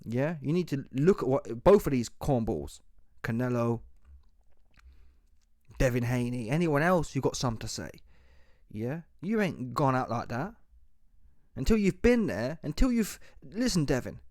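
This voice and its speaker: A man giving an opinionated solo commentary, talking forcefully in slang and repeating rhetorical questions. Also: mid-range voice, lively intonation, a little slow, long pauses, no room sound, studio quality. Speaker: boxing commentary YouTuber. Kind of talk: opinionated monologue.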